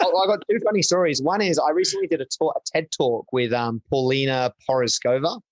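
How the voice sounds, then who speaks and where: A man's voice: fairly high pitch, brisk, dry recording. Chatty man telling rambling stories. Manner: chatty, rambling, self-deprecating, laughs often. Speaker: podcast guest. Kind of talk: casual storytelling chat.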